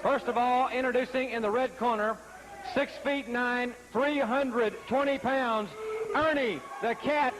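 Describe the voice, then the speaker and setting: A man working as a ring announcer, introducing a wrestler in a measured, formal way. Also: extremely high pitch, fairly even intonation, background noise.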